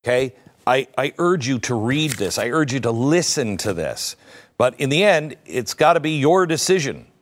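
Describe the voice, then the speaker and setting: A man's voice: mid-range voice, very animated, normal speed. A middle-aged man hosting an opinion talk show, speaking in a sardonic, conversational way with self-mocking asides. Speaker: host.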